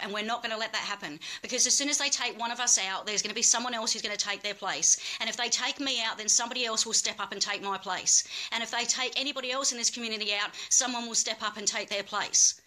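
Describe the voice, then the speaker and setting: A woman's voice: mid-range voice, sharp tone. A woman speaking as a cannabis activist, making an angry, emphatic plea and repeating her points with swearing. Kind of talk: impassioned plea.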